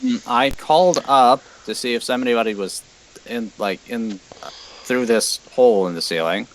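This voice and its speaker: A man's voice: mid-range voice, normal speed, rough recording. A man playing a tabletop game, chatting casually and explaining his choices. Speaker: player.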